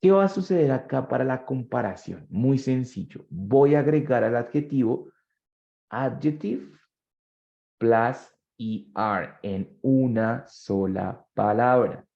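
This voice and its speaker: A man's voice: medium pitch, a little slow, vocal fry, warm tone, dull audio. A male English teacher, giving a bilingual classroom lesson and quizzing his students. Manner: switches between English and Spanish, quizzes students.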